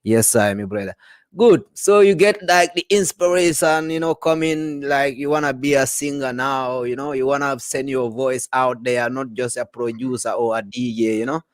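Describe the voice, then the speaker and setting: A man hosting a casual interview, giving hype shout-outs and asking eager questions. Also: medium pitch, steady tone, normal speed, dry recording, clean studio sound. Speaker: interview host and DJ. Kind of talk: casual radio-style interview.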